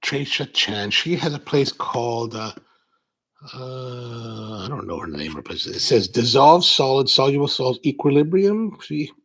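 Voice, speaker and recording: Gravelly-voiced man chatting while unboxing. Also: mid-range voice, big pitch swings, a little slow, a bit bright, rough recording. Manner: rambling, chatty storyteller. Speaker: coffee channel host. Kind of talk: casual live-stream chat.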